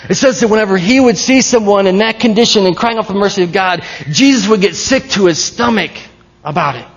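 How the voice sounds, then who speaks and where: Guy preaching a sermon, chatty and playful, kinda high voice, muffled lo-fi sound. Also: husky. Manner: conversational, playful preaching with halting restarts. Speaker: pastor.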